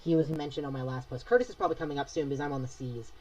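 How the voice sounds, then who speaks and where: A woman's voice: low voice, very fast, a little mellow, rough recording. A young woman chatting casually with her viewers while she draws live, rambling and reacting to the chat. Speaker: streamer drawing live.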